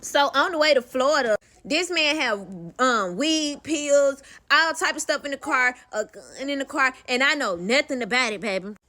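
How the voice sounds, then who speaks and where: A young adult woman telling a personal story in casual storytime style, animated and profane, talking straight to the listener. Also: high voice, moderate pace, hardly any pauses.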